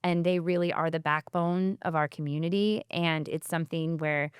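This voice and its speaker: A woman's voice: low-pitched, steady tone, normal speed, smooth, no echo, studio quality. A woman from a community foundation talking in a casual, heartfelt podcast conversation, speaking chattily and often saying "like".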